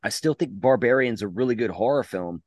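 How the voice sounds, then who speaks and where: A man's voice: medium pitch, animated, brisk, dry recording, studio quality. A man co-hosting a podcast, joking around and going off on rambling tangents, with swearing. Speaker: podcast co-host. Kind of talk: casual podcast chat.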